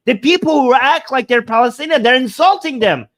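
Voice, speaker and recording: A man's voice: extremely high pitch, animated, fairly quick, fairly bright tone. A man hosting a debate show, reacting to a clip with angry, indignant commentary and repeating himself. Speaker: host.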